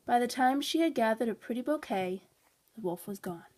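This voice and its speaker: A woman reading a children's storybook aloud in a calm, expressive narration. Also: fairly high pitch, moderate pace. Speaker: storybook reader.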